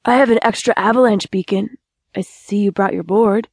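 A woman reading an audiobook voices a relaxed young male snowboarder with an easygoing, friendly manner. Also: medium pitch, normal speed, breathy edge, no room sound, studio quality. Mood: excited.

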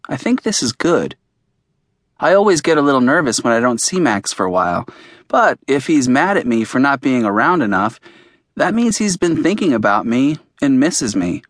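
A man's voice: mid-range voice, big pitch swings, normal speed, a bit bright, no echo, studio quality. A man narrating an audiobook in the first person, in a plain, earnest storytelling manner.

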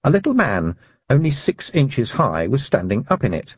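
A male audiobook narrator gives a lively, expressive reading of a children's fantasy story at normal speed, his husky, breathy voice swooping up and down in pitch. The sound is close and dry with no echo, slightly dull and muffled.

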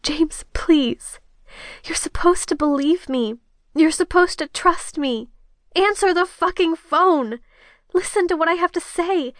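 A distraught young woman pleading down a phone line, her voice cracking and climbing high as a woman narrator acts her out. It is close, dry and pushed louder than plain narration. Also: unhurried, dry recording. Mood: desperate.

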